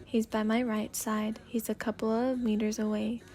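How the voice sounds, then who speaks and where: A woman voicing a stern, protective teenage boy, speaking low and firm in a soft-spoken ASMR fanfic reading. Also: little pitch movement, normal speed, natural voice. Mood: calm, firm.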